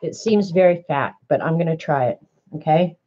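A woman's voice: sits low, normal speed, mellow, lo-fi sound. Flustered woman talking through a craft project. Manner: chatty, flustered, thinking aloud. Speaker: crafter demonstrating a die-cutting machine. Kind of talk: casual craft demonstration to viewers.

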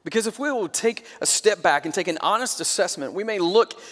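A man in his thirties preaching a sermon, telling stories in a conversational way and dropping to a quiet voice for emphasis. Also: sits high, animated, brisk, in a large hall. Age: 30s. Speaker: pastor.

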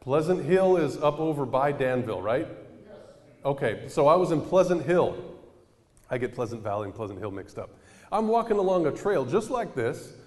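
A man's voice: on the high side, moderate pace. A man preaching a sermon in a casual storytelling way, acting out the people in his anecdotes. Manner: animated storyteller, acting out quoted voices. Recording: reverberant hall.

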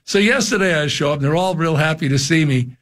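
An older man, a radio show guest, telling casual stories in an animated way, his voice jumping high when he acts out shouts. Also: fast. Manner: animated storyteller, jumps high for quoted shouts. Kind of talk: casual storytelling chat. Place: radio studio.

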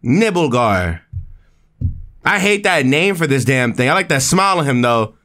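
A young man giving excited, slangy commentary while playing a video game, jumping up in pitch when he reacts. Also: normal speed. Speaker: gaming video creator. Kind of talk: excited let's-play commentary.

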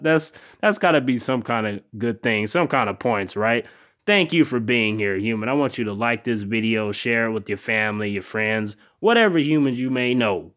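A man's voice: mid-range voice, fairly bright tone. Laid-back cursing man reviewing a show. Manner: profane, laid-back, laughs a lot, acts out characters' lines. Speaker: TV show reviewer and channel host. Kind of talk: casual vlog review chat.

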